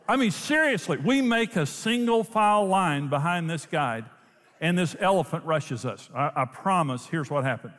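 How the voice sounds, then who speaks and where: Animated man preaching in a reverberant hall. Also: a little high, a little hiss or hum. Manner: animated storytelling with laughter. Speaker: pastor. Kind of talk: sermon.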